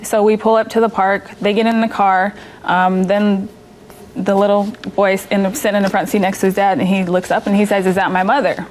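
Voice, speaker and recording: A woman's voice: medium pitch, level tone, fairly quick, darkish tone, a little hiss or hum, low-quality recording. Hesitant woman plaintiff. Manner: hesitant narrating with fillers. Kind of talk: testimony in court. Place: TV courtroom set.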